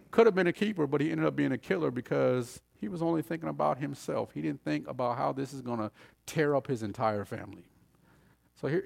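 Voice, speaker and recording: A male pastor preaching a sermon, emphatic, firing repeated rhetorical questions and swinging between loud and hushed. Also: medium pitch, gravelly.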